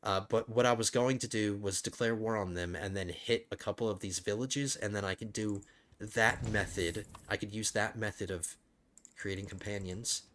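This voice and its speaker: A man's voice: on the low side, steady tone, normal speed, a bit bright. A man hosting a let's play, thinking aloud in casual gameplay commentary, rambling with frequent restarts.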